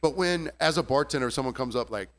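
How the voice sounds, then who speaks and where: Telling a story during a laid-back podcast conversation, this man, a bartender, speaks fast in a medium-pitched voice. He curses freely and gets animated, mimicking the voices of customers.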